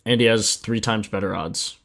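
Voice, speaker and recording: A man's voice: on the low side, fairly even intonation, normal speed, vocal fry, fairly bright tone. A man hosting a sports betting livestream in casual chat, laid-back and slangy, sleepy after just waking up, reading stats aloud and answering chat.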